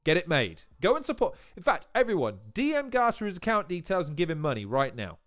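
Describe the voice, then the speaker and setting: A man's voice: sits high, a little fast, faint music behind. Profane rambling male stream host. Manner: profane, rambling, animated tangents. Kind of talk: live-stream watch-along commentary.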